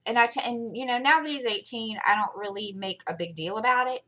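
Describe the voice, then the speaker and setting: A woman's voice: a little high, brisk, fairly bright tone. A middle-aged woman hosting her channel, chatting casually and telling rambling stories while she works on a craft. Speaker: channel host.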